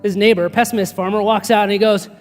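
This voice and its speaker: A man preaching a sermon, spinning stories with lively energy and frequent laughter. His voice carries a long church-hall reverb, with faint music underneath. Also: sits high, fast talker. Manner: storytelling, animated, laughs often. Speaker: pastor.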